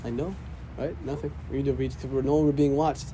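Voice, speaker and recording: A man's voice: mid-range voice, fairly even intonation, normal speed, warm tone, slight background noise. A man, an imam, teaching a casual religious class, often checking in with "right?". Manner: conversational, often asks "right?".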